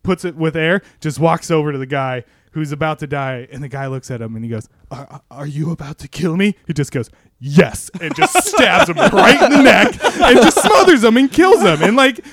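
A young man tells a movie plot in a loose, sarcastic ramble and keeps breaking into laughter. His voice sits a bit high, and the recording is dry and close. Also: very animated, brisk, few pauses, a bit bright, no echo. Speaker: podcast panelist pitching a movie. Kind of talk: casual movie-recap chat.

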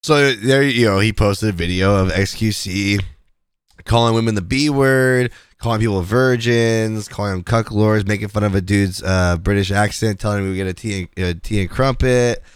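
A man's voice: on the low side, normal speed, smooth, no room sound, studio quality. A man hosting a podcast, talking through online drama in a loose, rambling way. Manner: rambling, many fillers and restarts. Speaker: podcast host. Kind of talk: casual commentary.

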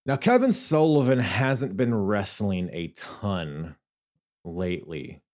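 A young adult man hosting a solo podcast, talking casually and thinking out loud with frequent fillers and restarts. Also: on the low side, very animated, takes it slowly. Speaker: podcast host.

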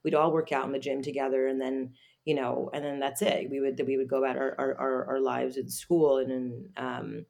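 A woman guest telling a personal story in an interview, halting, with many fillers and restarts. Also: a bass voice, level tone, vocal fry, a little mellow.

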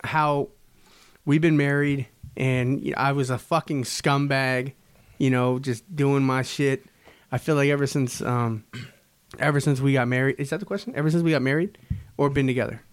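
A man's voice: medium pitch, steady tone, normal speed, smooth. A man co-hosting a podcast in casual chat, joking and teasing with frequent swearing. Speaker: podcast co-host.

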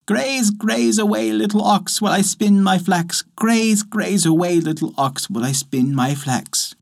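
A man voicing a poor, excitable old peasant woman in a folk tale, with shrill, excited cries. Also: unhurried, slightly rough, heavily acted. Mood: singsong.

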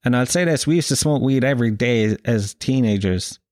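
An Irish man in his thirties telling a profane, animated anecdote in casual chat, acting out the quotes. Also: mid-range voice, a little fast, no room sound, clean studio sound. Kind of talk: casual storytelling.

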